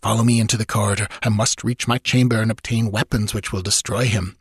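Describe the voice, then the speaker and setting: A man's voice: on the low side, steady tone, fast talker, husky, no echo, clean studio sound. A man reading aloud and voicing a cunning middle-aged priest who is gloating and then turns frightened. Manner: gloating, later nervous and gasping.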